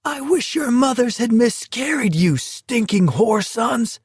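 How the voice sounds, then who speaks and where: A man's voice: extremely high pitch, lively intonation, a little slow, husky, no room sound, studio quality, voice pushed up, exaggerated voice. A man voicing a furious teenage boy who shrieks curses. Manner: shrieking, enraged.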